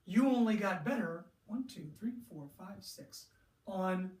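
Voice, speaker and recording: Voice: medium pitch, animated, unhurried, a little mellow. Sports mental coach, motivational lesson, rhetorical questions, acts out moods, echoey room, distant mic. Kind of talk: motivational lesson to young athletes. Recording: roomy echo, distant from the mic.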